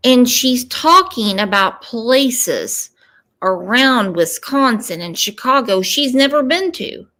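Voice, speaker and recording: A woman's voice: fairly high pitch, a bit bright. A woman giving casual true crime commentary, emphatic and stopping often to ask "okay?". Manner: emphatic, repeats "okay?" for stress.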